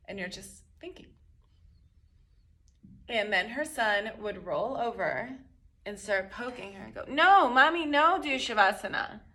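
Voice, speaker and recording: Middle-aged mom coach talking parents thru tantrums, bright voice, kinda high, chatty. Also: female voice. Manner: conversational, acts out quotes with animated voices. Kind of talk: instructional talk to camera.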